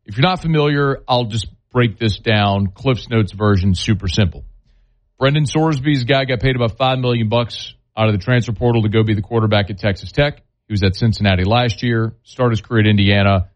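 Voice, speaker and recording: Low-voiced, opinionated sports talk host, a man. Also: fairly quick, no room sound, lo-fi sound. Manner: opinionated, conversational, worked-up rants. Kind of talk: sports talk radio commentary.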